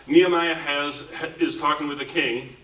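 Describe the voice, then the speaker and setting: A male pastor delivering a relaxed, conversational sermon, peppering his talk with "like." His voice is bright and forceful, and it rings through a roomy church space, picked up from a little away from the mic. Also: on the high side, moderate pace, distant mic. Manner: casual, talks with frequent "like" fillers. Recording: echoey room, speaker away from mic.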